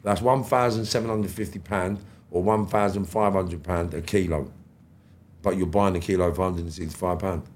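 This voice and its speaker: Speaking at normal speed in a deep voice, a middle-aged man guests on a podcast and tells casual stories. He's animated, acting out exchanges laced with slang and profanity. Slight background noise can be heard.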